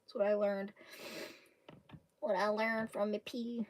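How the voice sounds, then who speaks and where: A woman's voice: medium pitch, level tone, unhurried. A young woman from Kentucky with a Southern accent, chatting casually with her stream viewers in a rambling way and laughing often. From Kentucky, USA. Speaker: live streamer.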